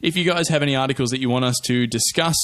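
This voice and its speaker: A man's voice: medium pitch, very fast, a bit bright, no echo. A man hosting a podcast in casual chat, telling stories and laughing easily. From Australia. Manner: chatty, laughs easily, storytelling. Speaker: podcast host.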